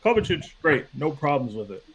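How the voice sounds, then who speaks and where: A man on a podcast panel, talking in a measured, analytical way and building his argument step by step. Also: fairly high pitch, big pitch swings, fairly bright tone, husky, dull audio. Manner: measured, analytical, asks to cut in. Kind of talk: casual podcast debate.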